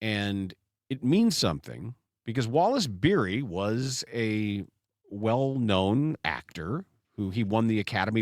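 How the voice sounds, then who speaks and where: A sports radio host with a lowish voice leads a casual podcast chat, recorded in clean studio quality with no room sound. He talks with lots of animation and now and then slips into pirate voices.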